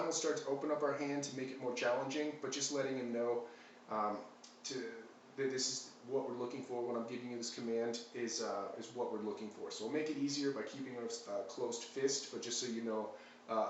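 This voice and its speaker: A man teaching dog training, explaining a clicker exercise calmly and steadily, with frequent ums and uhs. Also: medium pitch, brisk, slight background noise. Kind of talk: instructional demonstration. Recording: echoey room, mic at a distance.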